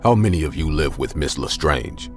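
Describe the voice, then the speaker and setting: A man doing a gruff, grim delivery man. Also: expressive, moderate pace, over music. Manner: low, blunt, firm.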